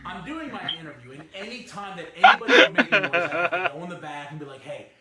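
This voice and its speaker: A man hosting a reaction video, telling a long backstory in a casual, animated way and often laughing mid-sentence. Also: high voice, fast talker, echoey room, over music.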